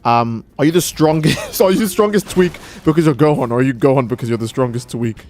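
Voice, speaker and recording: A man's voice: mid-range voice, quick pace, darkish tone, faint music behind. Rambling, joking young male game streamer. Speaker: gaming streamer. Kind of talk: casual streaming commentary.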